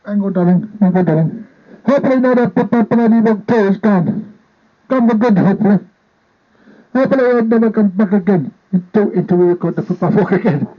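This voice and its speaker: High-voiced man rambling on a tinny line. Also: a little fast. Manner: repetitive, playful, talks to a partner off camera. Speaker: vlogger. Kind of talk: casual rambling vlog chat. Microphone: handheld microphone. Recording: tinny phone-like sound.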